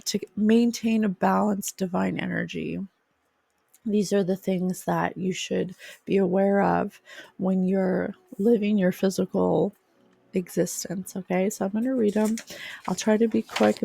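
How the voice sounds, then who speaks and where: Earnest, gravelly spiritual podcast woman. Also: mid-range voice, darkish tone, dry recording. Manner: earnest, emotional, reads affirmations aloud. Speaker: podcast host.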